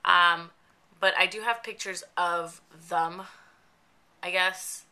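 A young woman with a stuffy nose and a slightly raspy voice, chatting casually in a vlog update with lots of fillers. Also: fairly low pitch, steady tone, measured pace, bright, forceful tone. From New Jersey. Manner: chatty, rambling with many fillers. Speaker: makeup vlogger.

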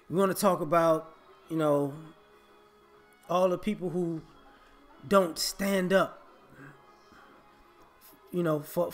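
High-voiced man ranting on his channel, keeps repeating himself, music faint behind. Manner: emphatic, confrontational, repetitive. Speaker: vlogger. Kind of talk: opinion monologue.

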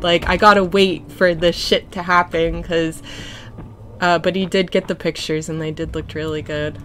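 A young woman streaming a game from home, chatting casually and telling a story with giggles and lively quoted voices. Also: on the low side, measured pace, slight background noise. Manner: chatty storyteller, giggly, animated when quoting people. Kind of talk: casual gameplay chat.

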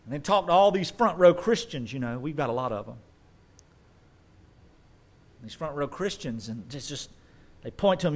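High-voiced pastor preaching emphatically. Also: male voice, lively intonation, moderate pace, pauses often. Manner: emphatic preaching with asides and mock quotes. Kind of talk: sermon.

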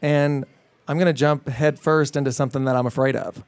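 A middle-aged man as the guest in a casual interview, talking with animated enthusiasm and many fillers and restarts. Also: medium pitch, fairly quick, dry recording. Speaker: fitness trainer guest.

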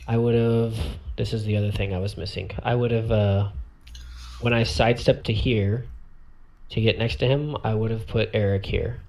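A man's voice: on the low side, steady tone, moderate pace, gravelly, a little mellow. A man thinking aloud as he walks through a tabletop game turn, counting squares and correcting himself as he goes. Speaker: tabletop miniatures player walking through a turn. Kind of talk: thinking aloud while demonstrating game moves.

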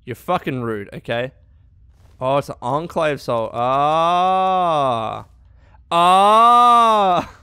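A young man giving exasperated, profane commentary while playing a video game, often shouting at enemies. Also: a little high, expressive, very slow, clear, resonant tone, no room sound, studio quality. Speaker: let's play gamer. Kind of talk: gameplay commentary.

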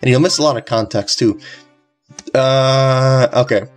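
A woman's voice: rumbling low, a little slow. A woman casually commenting over a video game walkthrough, rambling and giggling. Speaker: gameplay commentator. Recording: faint game music behind.

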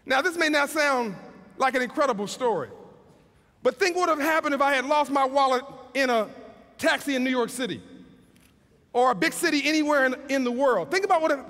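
High-voiced man preaching in a hall. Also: expressive, bright, forceful tone. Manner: storytelling with emphatic slowed phrases and repeated restarts. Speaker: keynote speaker. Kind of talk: inspirational speech. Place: event hall. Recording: long reverb of a large hall.

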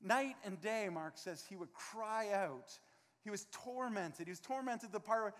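A man's voice: sits high, lively intonation, normal speed, a bit bright, in a large hall. A man preaching a sermon as pastor, earnest and emphatic, acting out scenes from the text. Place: church sanctuary.

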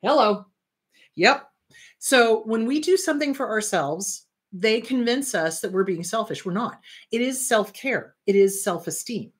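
A woman's voice: a little high, lively intonation, unhurried, breathy edge. A middle-aged woman therapist hosting her own advice show, talking bluntly and emphatically to viewers and often acting out what others say. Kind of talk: direct-to-camera advice talk.

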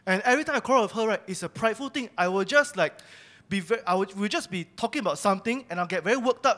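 A man's voice: high-pitched, animated, fast talker, hardly any pauses, fairly bright tone. A young man giving a personal testimony sermon at church, telling his story candidly and confessing his own faults. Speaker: church speaker sharing testimony.

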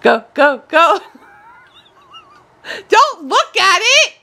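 A woman's voice: extremely high pitch, very animated, very slow, bright, forceful tone. A woman co-hosting a home vlog, telling a story in casual chat and giggling often. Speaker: vlog co-host.

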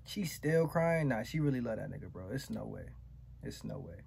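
A host giving slangy, casual reaction commentary with drawn-out remarks. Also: medium pitch, expressive, gravelly, darkish tone, breathy edge.

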